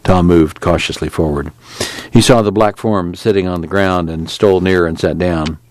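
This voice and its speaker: A man reading a novel aloud as an audiobook narrator, slow and measured. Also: low-pitched, steady tone, darkish tone, dry recording. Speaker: audiobook reader. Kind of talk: scripted narration with character voices.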